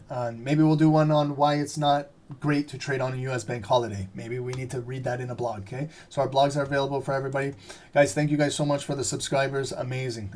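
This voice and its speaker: A man hosts a live trading stream, talking loosely and chattily with plenty of ums and uhs. His voice is fraying and going hoarse, though it sits at an ordinary pitch for a man. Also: darkish tone. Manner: rambling, filler-heavy, chatty. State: losing his voice. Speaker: trading livestream host. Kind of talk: casual live-stream chat.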